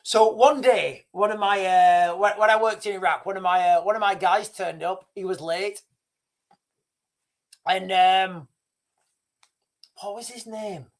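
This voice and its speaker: A man's voice: sits high, unhurried, pauses often. Rambling man livestreaming. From Britain. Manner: rambling, restarts, chuckles at himself. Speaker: livestream host. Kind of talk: casual live-stream monologue.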